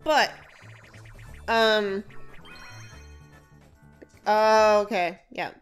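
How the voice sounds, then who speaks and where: A woman's voice: mid-range voice, extremely slow, clean tone. Woman, young adult, let's play co-host, casual chat, lots of swearing, faint background music. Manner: swears a lot, animated storytelling.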